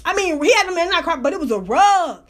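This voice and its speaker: High bright-voiced woman telling a story. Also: fast talker. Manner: profane, animated, slangy storytelling with laughter. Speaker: podcast host telling a story. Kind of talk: casual storytelling monologue.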